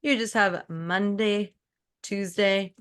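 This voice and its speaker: A woman business coach talks through a client's mindset on a coaching call. She is fast and emphatic, and her pitch jumps up when she acts out her own inner voice. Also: fairly even intonation, fairly bright tone, clear, resonant tone.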